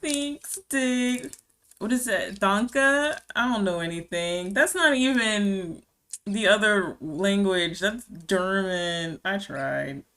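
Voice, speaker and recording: A woman's voice: medium pitch, slow pace, fairly bright tone. A woman streamer talking casually with her chat while she draws, reading messages aloud and giggling often.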